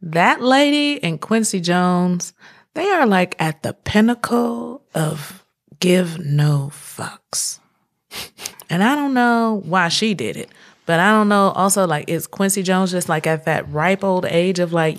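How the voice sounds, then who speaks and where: Woman, deep voice, lots of fry, cussing casually in a chat. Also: slow pace. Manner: blunt, profane storytelling.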